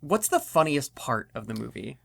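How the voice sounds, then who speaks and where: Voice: medium pitch, sing-song, normal speed, gravelly, fairly bright tone, breathy edge. A co-host playfully quizzing a friend about a movie in a casual chat. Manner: playful interviewer, short reactions. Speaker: podcast co-host asking questions.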